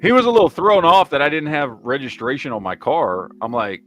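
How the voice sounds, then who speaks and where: A man's voice: fairly high pitch, big pitch swings, fairly quick, faint music behind. A man hosting a podcast, telling rambling, profanity-laced stories in casual chat. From Texas. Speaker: podcast host.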